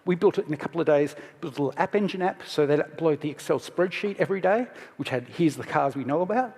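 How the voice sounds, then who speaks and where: A middle-aged man gives a conference talk in a relaxed, candid manner, often cutting himself off mid-sentence. His voice sits a little high and comes through slightly husky. The stage mic carries a long hall reverb around him. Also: fast talker. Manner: casual and candid, self-interrupting, emotional at moments. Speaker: conference speaker.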